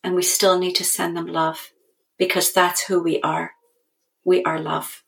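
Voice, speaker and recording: A woman in her forties, a podcast guest and mentor, telling a story and giving guidance in a calm, earnest, reflective way. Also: on the low side, unhurried, vocal fry, slight background noise.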